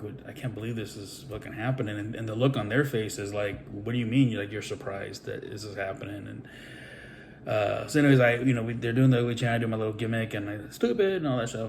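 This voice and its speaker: A middle-aged man with a fairly low voice tells a long story about his wrestling career in a loose, rambling way, stopping often with fillers and swearing freely. He talks casually, like a trainer addressing his followers, and a faint hum of ambience runs behind him. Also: gravelly. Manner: rambling, profane, with many fillers.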